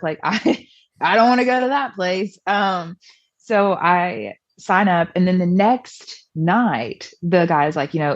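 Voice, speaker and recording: Lowish chatty woman telling her story. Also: moderate pace, no echo, lo-fi sound. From American South. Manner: chatty, self-deprecating, acts out past dialogue. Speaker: podcast guest. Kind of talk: personal storytelling in an interview.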